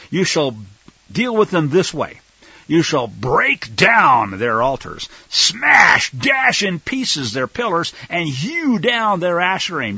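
A man teaching scripture in a sermon style, emphatic, swinging from loud stresses to quiet asides. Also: fairly high pitch, husky, no echo. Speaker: Bible teacher. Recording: dull lo-fi recording, dry.

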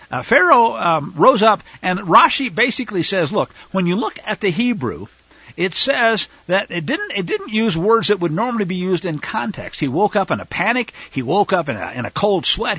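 A man's voice: a little high, sharp tone, slightly rough, no echo, highs cut off. A man preaching a sermon, reading scripture and explaining it, turning fiery when he denounces opponents. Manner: many fillers and restarts when explaining.

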